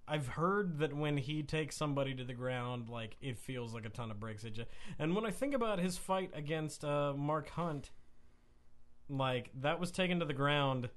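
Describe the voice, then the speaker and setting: Male podcast co-host, loose animated chatter, somewhat high-pitched. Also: normal speed. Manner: animated, swearing, mimics people with funny voices. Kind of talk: casual chat.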